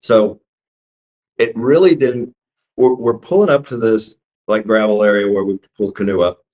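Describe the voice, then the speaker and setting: A middle-aged man with a deep, low voice tells his story in an unpolished, casual way. He stops and restarts often and acts out the lines of dialogue. The recording sounds dull and lo-fi. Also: moderate pace, darkish tone. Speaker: eyewitness telling his story.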